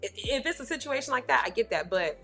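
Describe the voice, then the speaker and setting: A woman's voice: fairly high pitch, expressive, fast talker, creaky, bright, forceful tone, husky, soft background music. A woman giving blunt, slangy, scolding reaction commentary as a vlog host. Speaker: commentary vlogger.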